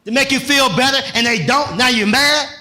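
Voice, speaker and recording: A male pastor preaching a sermon, swinging from loud shouted lines to soft asides with bursts of laughter. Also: very high voice, brisk.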